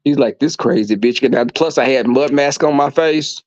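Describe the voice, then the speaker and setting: A man hosting a livestream, telling stories to his viewers in an animated, profane way and acting out the voices in them. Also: medium pitch, moderate pace, dry recording, highs cut off. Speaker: livestream host reading chat. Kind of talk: casual storytelling to viewers.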